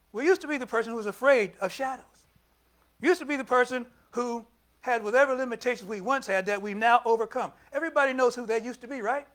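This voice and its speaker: An older minister preaches conversationally, putting questions to his congregation and shifting between loud and soft delivery. His voice is very high-pitched.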